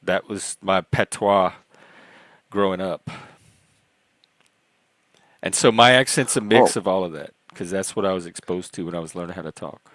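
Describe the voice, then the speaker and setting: A man's voice: sits low, steady tone, normal speed, pauses often, fairly bright tone, dry recording. A man with a mixed Southern US accent, part Cajun, hosting a casual group video chat in a chatty, playful way. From American South. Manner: chatty, playful, self-deprecating. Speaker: host.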